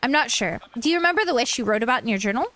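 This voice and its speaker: A woman reading aloud the lines of a calm, encouraging young princess from a game, in a reassuring way. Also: fairly high pitch, racing.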